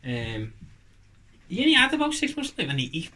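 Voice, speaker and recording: A man telling stories in casual podcast chat, with a voice pitched a little high. He rambles, restarts his sentences and drops jokes as he goes. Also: wildly swooping pitch, a little fast, pushed and bright. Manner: rambling, jokey, many fillers and restarts. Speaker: podcast co-host.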